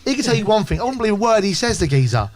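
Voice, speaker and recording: A man's voice: high voice, dry recording. A man bantering about football on a casual podcast, swearing and joking. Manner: animated, swearing, quick banter. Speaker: podcast co-host. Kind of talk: casual pub-style football chat.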